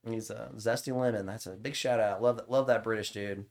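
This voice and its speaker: A man's voice: on the low side, fairly even intonation, brisk, darkish tone. A man, casually telling rambling, profane stories on a podcast. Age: 30s. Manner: rambling, profane, laughing storyteller. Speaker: podcast host. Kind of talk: casual chat.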